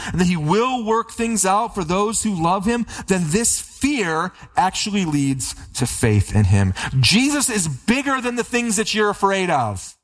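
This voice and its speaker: A man preaching a sermon as a pastor, building emphatic runs and slowing on key lines. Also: medium pitch.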